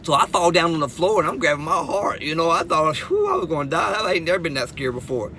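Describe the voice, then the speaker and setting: A middle-aged man recounts a comic episode from his life at a quick pace, his high, bright voice jumping in pitch. Animated and Southern in his phrasing, he repeats words and laughs at his own jokes, and a faint hiss runs beneath.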